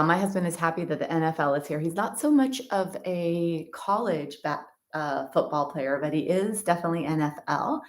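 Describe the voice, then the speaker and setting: A middle-aged woman yoga teacher chatting with her students before an online class, greeting them by name and rambling easily from one thought to the next. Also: fairly low pitch. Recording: roomy echo.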